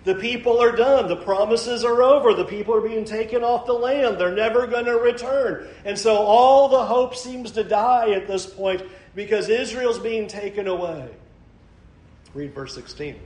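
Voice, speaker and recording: Echoey higher-voiced man preaching. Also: moderate pace, darkish tone. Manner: expository preaching, reads scripture aloud. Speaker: pastor. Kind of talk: sermon.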